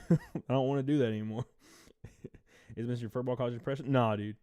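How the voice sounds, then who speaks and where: A man live streaming, chatting casually, swearing, laughing often and reading chat aloud in a low-key mood. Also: steady tone, a little fast, a little mellow, clean tone, no room sound, studio quality.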